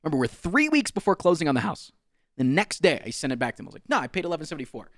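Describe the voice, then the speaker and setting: A man's voice: on the high side, wildly swooping pitch, quick pace, fairly bright tone, no echo, clean studio sound. Exasperated man ranting a story. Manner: exasperated, swearing, mocking voices. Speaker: streamer telling a story. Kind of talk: animated storytime rant.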